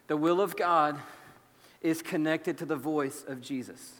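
Bright-voiced preacher booming in a hall. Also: male voice, measured pace. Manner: emphatic, swinging from loud exclamations to hushed near-whispers. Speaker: pastor. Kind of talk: sermon.

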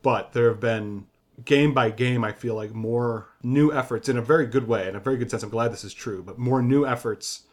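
A man in his middle years co-hosts a podcast about game design. He thinks aloud, circling back and rephrasing mid-sentence. His pitch sits at an ordinary middle for a man. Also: moderate pace, a little mellow. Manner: thinking aloud, frequent restarts and self-corrections. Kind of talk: casual design discussion.

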